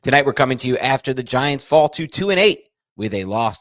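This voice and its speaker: A man hosting a sports podcast, talking in an animated, jokey way. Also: mid-range voice, a little fast, no echo, clean studio sound. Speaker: podcast host.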